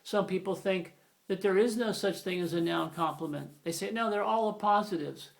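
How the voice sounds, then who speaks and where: A grammar teacher whose voice sits high, with vocal fry, speaks at a moderate pace. He rambles through an informal lesson in a conversational way, frequently correcting himself.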